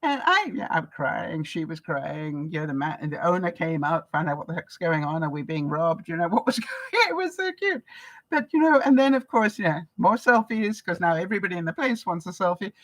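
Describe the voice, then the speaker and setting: A woman's voice: on the low side, sing-song, brisk, hardly any pauses, rough recording. A woman vlogger from Canada, telling stories in a live-stream chat with viewers, laughing often and acting out the voices she quotes.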